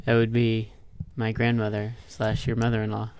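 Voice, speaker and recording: A man co-hosting a casual podcast, easygoing and quick to laugh. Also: lowish voice, completely flat delivery, a little mellow, a little hiss or hum. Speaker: podcast co-host. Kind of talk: casual chat.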